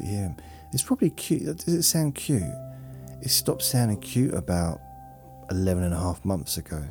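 A man hosting a sleep podcast, rambling in a drowsy, deadpan way. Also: deep voice, normal speed, music in the background. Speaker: podcast host.

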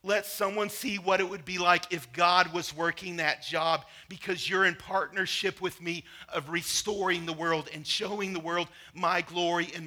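Bright-voiced male pastor preaching casually. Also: on the high side. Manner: conversational preaching with personal stories. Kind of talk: sermon.

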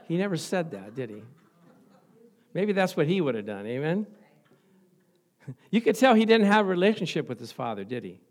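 A male preacher tells Bible stories in an animated way and leads soft, murmured prayer. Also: a little high, normal speed, long pauses. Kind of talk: sermon and prayer.

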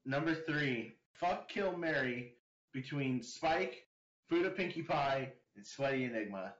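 A man's voice: medium pitch, animated, unhurried, fairly bright tone. A man hosting a casual online podcast interview, joking and breaking into laughter. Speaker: podcast host. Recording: dull lo-fi audio in an echoey room.

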